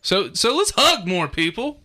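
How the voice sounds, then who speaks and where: A man with a bright, forward voice co-hosts a casual podcast. He reads statistics aloud and chats loosely, with some profanity. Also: sits high, sing-song, a little slow. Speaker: podcast co-host.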